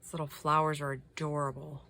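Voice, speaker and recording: Speaking fairly quickly in a low-pitched, level tone, a woman shows off crafty mail she received from subscribers. She's soft-spoken and gushes over each piece, occasionally lowering her voice to a whisper, all in casual conversation.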